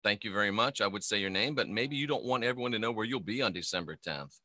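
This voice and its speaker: Forceful, emphatic middle-aged preacher man. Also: lowish voice, fast talker. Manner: emphatic, repetitive, rhetorical questions. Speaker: spiritual teacher, former minister. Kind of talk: preaching-style video monologue.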